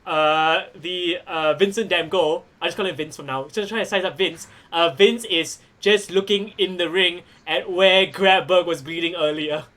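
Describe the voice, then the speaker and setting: High, bright-voiced man running the game. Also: normal speed, few pauses. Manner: excitable, announcer-style calls and voiced asides. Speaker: game master. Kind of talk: narrating a tabletop wrestling game.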